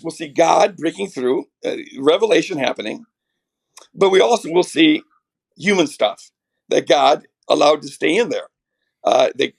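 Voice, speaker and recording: A middle-aged man with a raspy voice from a chest cold, earnestly explaining theology as a podcast guest, restarting his sentences often. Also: a little high. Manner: earnest, builds ideas with many restarts.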